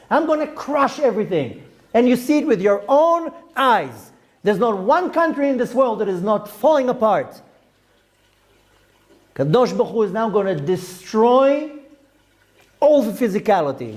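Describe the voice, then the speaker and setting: Middle-aged male rabbi, sermon delivery, emphatic and questioning, lively pitch. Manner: emphatic, rhetorical questions, dips into Hebrew terms.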